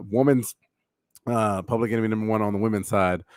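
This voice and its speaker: A man's voice: lowish voice, fairly even intonation, brisk, dry recording, clean studio sound. A man co-hosting a podcast in casual chat, talking with animation, swearing often and using lots of fillers and restarts. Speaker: podcast co-host.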